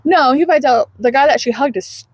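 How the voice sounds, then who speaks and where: A woman's voice: high-pitched, a little fast, no room sound. A woman co-hosting a podcast, recapping a book in casual chat, laughing often and acting out the characters' lines. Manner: animated storyteller who laughs often and acts out quotes. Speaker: podcast co-host.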